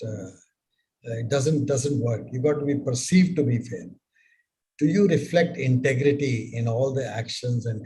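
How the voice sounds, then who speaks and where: An older man giving business advice in a live mentorship session, speaking in a measured way with many rhetorical questions. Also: medium pitch, dark tone, low-quality recording.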